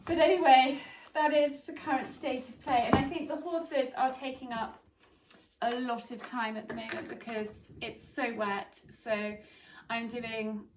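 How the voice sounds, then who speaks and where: A woman's voice: on the high side, steady tone, a little slow, far from the mic, noisy background. A middle-aged woman chatting casually to camera at home, rambling a little with frequent restarts. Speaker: vlogger. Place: home indoors.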